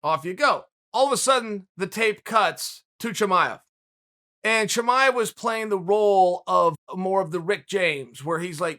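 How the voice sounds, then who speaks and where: A man hosting a show, telling a story in a casual, animated commentary monologue full of conversational asides. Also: sits high, moderate pace. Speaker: podcast host.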